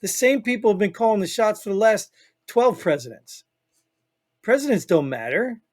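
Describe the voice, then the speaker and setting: A man's voice: sits high, sing-song, moderate pace, darkish tone. A man with a Northern US accent, co-hosting a podcast in opinionated casual chat, rambling and emphatic with frequent "you know what I mean.". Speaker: podcast co-host.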